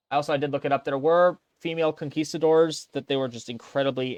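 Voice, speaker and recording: A man's voice: a little high, steady tone, fast, hardly any pauses, dry recording. A man giving casual, sarcastic commentary while playing a game, swearing freely. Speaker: let's play host.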